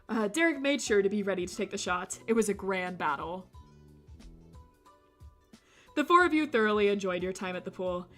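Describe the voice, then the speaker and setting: A woman streamer reading a visual novel aloud, breaking off for animated, jokey commentary. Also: mid-range voice. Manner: animated, jokey asides with laughter.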